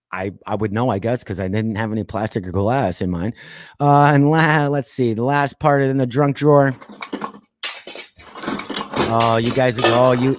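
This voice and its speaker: A man hosting a podcast, reading odd news stories aloud and breaking off into sarcastic asides, laughs and deliberate quiet pauses. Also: mid-range voice, no echo, clean studio sound. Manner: reads news items then riffs with sarcastic asides and laughs; drops to quiet voice for dramatic pauses. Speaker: podcast host. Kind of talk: casual news commentary.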